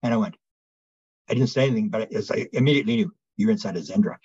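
A man being interviewed as a guest researcher, telling a long story in an animated way, often restarting his sentences. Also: on the low side, fast, slightly rough, dry recording, lo-fi sound.

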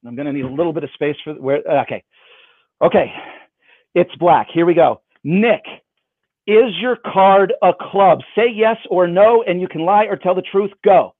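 Playful magician on a tinny line. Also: male voice, high-pitched, moderate pace, no room sound. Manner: playful, self-mocking patter. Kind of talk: online magic performance. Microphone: video call. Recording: dry, phone-like band.

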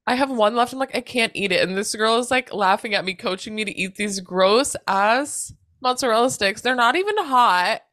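A woman co-hosting a podcast, chatting casually and telling an animated story with plenty of swearing. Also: a little high, moderate pace, few pauses, dry recording. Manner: acts out others' lines in quoted voices. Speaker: podcast co-host. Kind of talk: casual chat.

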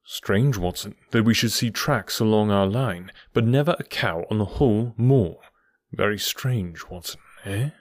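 A man voicing a keen, commanding detective in an audiobook, eager and probing, sometimes dropping to a low murmur. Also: a little slow, dry recording, studio quality, natural voice. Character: keen, commanding middle-aged male detective. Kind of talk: audiobook character voice.

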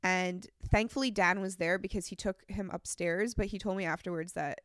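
A woman's voice: mid-range voice, fairly even intonation, normal speed, a bit bright, no room sound, studio quality. A young woman with a congested voice, telling stories in casual podcast chat as co-host. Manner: chatty, rambling storytelling.

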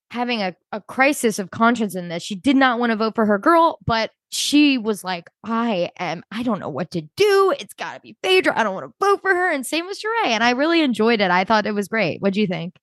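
A woman co-hosting a casual podcast chat, retelling scenes in an animated way and laughing often. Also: mid-range voice, no room sound. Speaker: podcast co-host.

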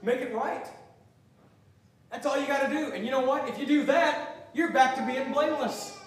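A man's voice: very high-pitched, normal speed. A man preaching a sermon, emphatic, swelling and dropping in volume as he quotes scripture, recorded from far off in an echoey church hall.

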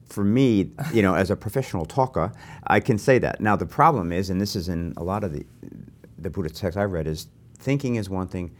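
Older man, very deep voice, lively anecdotal talk, self-mocking. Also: brisk. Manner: animated, anecdotal, self-deprecating. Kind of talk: conversational interview.

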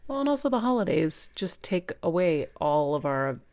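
A woman's voice: fairly low pitch, big pitch swings, moderate pace, darkish tone. A woman in her thirties co-hosting a podcast, chatting casually and rambling with lots of fillers. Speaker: podcast co-host. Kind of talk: casual chat.

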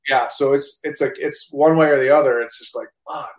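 A man, a guest actor, telling a story in casual chat, animated and profane with lots of restarts. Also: medium pitch, brisk, echoey room, low-quality recording.

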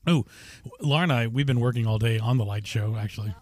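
A man's voice: medium pitch, fast talker, a little mellow, dry recording. A middle-aged man hosting and editing a casual family podcast, chatting with enthusiasm. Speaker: podcast host and editor.

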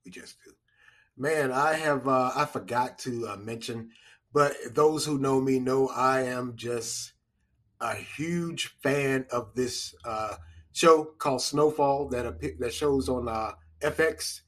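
A man's voice: mid-range voice, slow, a bit bright. A man hosting a casual solo podcast, rambling and repeating himself with chuckling asides. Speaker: podcast host.

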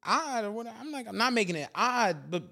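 A man's voice: sits high, quick pace, vocal fry. Laughing man telling a wild story. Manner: laughing, animated storytelling with voiced quotes. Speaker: podcast co-host. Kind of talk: casual storytelling chat.

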